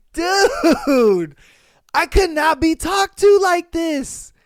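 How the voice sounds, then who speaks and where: A man hosting a podcast, reacting to stories in casual, slangy talk and breaking into loud exclamations. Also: extremely high pitch, sing-song, drawn-out words, long pauses, no echo. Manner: exclaiming, slangy, calls listeners bro. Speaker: podcast host.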